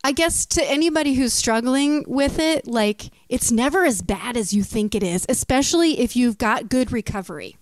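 A woman's voice: on the high side, normal speed, few pauses, no room sound. Chatty woman musician, dry close sound. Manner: chatty, laughs often, fillers and restarts. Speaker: musician guest. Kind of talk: casual interview chat.

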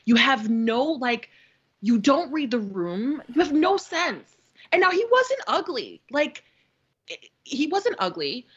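Woman, thirties, casual podcast storyteller, swears a lot, husky, muffled lo-fi audio. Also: high-pitched, slow. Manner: animated storyteller, acts out quotes, swears freely, laughs often. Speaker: podcast co-host.

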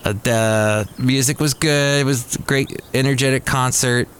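A male podcast host talking in a loose, casual monologue at a mid pitch. He rambles and stops to correct himself out loud, over a faint hum of background noise. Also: fairly even intonation, unhurried.

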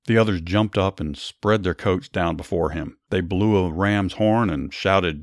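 A man narrating Bible stories and adding commentary, reading in a measured, earnest way with small restarts when he explains. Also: low-pitched, no echo, studio quality. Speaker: storyteller and Bible teacher.

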